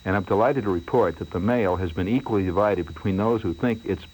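A man hosting a late-night radio show, telling a rambling, self-mocking story in a theatrical way that swings from hushed to excited. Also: low-pitched, fairly quick, husky, poor audio. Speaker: radio host.

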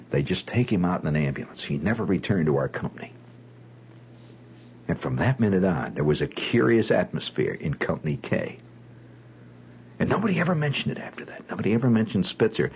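A man's voice: sits low, a little mellow, a little hiss or hum, low-quality recording. A man telling a dramatic personal story in a vivid, conversational way. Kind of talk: spoken storytelling monologue.

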